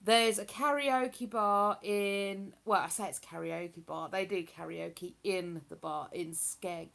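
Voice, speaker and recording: A woman's voice: mid-range voice, fairly even intonation, slow pace, gravelly, a bit bright. A woman chatting casually on a live stream, rambling and laughing as she reads out messages from her viewers. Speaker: live streamer reading chat.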